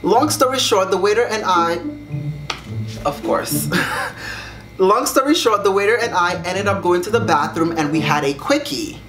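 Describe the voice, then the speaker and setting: A man's voice: high-pitched, expressive, a little slow. Sassy young guy vlogging, super swoopy dramatic voice, roomy echo, music playing. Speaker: YouTuber reading viewer secrets. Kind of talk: casual vlog reaction. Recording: echoey room with music behind.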